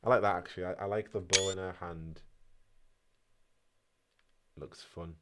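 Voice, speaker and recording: A man's voice: deep voice, steady tone, measured pace, slight background noise. A man with a Yorkshire accent chatting casually while streaming a game and reading chat aloud. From North Yorkshire, England. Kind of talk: casual gaming commentary.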